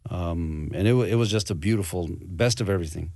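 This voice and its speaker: A man in his forties from Arizona, a chef guest in a radio interview, speaking earnestly and reflectively with pauses. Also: sits low, a little mellow, no room sound, clean studio sound. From Arizona, USA. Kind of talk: interview storytelling.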